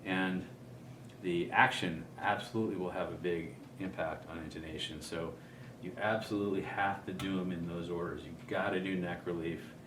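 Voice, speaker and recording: Deep-voiced man explaining guitar setup. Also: normal speed, reverberant, background noise. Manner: relaxed, thinking aloud with many ums. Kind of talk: casual demonstration.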